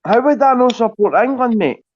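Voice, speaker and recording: Man, high voice, sweary and heated, repeats himself, dull lo-fi online-call sound. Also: animated, brisk. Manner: sweary, repeats "mate" and pet phrases. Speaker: guest on a livestream call. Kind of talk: heated casual argument. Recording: dry, dull lo-fi call audio.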